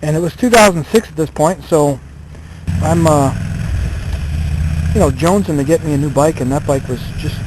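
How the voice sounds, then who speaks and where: A man in his thirties talks through a casual vlog story, wandering from point to point with lots of fillers. His voice sits a little on the high side. A faint hum of noise lies under it. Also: normal speed, long pauses. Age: 30s. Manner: rambling, self-deprecating, many fillers. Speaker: vlogger.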